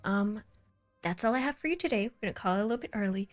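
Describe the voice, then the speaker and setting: A chatty woman running a tabletop game, closing out a livestream with a bubbly, giggly manner. Her voice sits at an ordinary middle pitch, and faint music plays underneath. She sounds like she is talking from a home desk microphone. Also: expressive, fast. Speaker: game master. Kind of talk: casual chat wrapping up a live tabletop stream.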